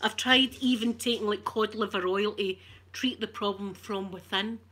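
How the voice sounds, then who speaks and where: A woman's voice: medium pitch, steady tone, moderate pace, a bit bright, breathy edge. A Scottish woman chatting on an ASMR live stream, ranting with animation and swearing freely. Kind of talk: casual live-stream chat.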